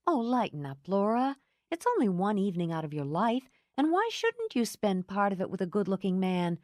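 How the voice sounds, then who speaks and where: A woman performs a bold, blunt woman friend who teases and pushes, brash and pushy. The voice is mid-range, pitched above her own but close to an everyday voice, very animated, a little mellow, and at a moderate pace. There's no echo, with clean studio sound.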